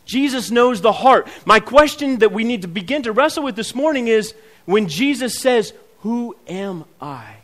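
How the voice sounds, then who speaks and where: A high-pitched man delivers a sermon in a church sanctuary. He talks to the congregation like a conversation, acts out the people in the scripture, and then presses hard at the key points. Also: fairly bright tone. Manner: conversational preaching, acts out quoted voices, builds to emphatic peaks. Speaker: pastor.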